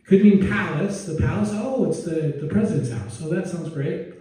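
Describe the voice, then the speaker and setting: Warm and somewhat high, a pastor's voice proceeds at a moderate pace through a casual, digressive sermon with joking tangents and restarts. The sanctuary sounds very echoey, with the mic placed far away.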